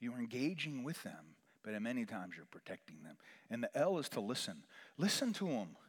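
A man preaching as a chaplain, swinging from loud, emphatic rises to hushed, almost whispered lines. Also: medium pitch, very animated, fairly quick. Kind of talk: sermon. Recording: long reverb of a large hall.

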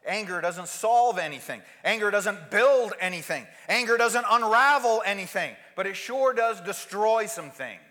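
A male pastor delivering a sermon in a high, animated voice that leaps between soaring outbursts and hushed asides. His tone is bright and ringing. The sound carries a long reverb from the church hall. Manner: preaching with dramatic swings between loud outbursts and soft asides.

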